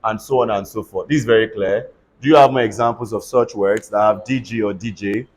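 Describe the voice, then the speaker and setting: A pronunciation teacher with a lowish, steady voice runs a brisk classroom lesson on consonant sounds. He spells words out letter by letter and has the students repeat them in call-and-response drills.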